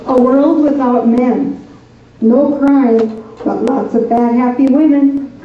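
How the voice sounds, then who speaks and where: A woman reading short joke one-liners in a deadpan way at a talent show. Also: sits high, slow pace, a little hiss or hum. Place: large echoey camp hall. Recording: echoey hall from far off, dull camcorder sound.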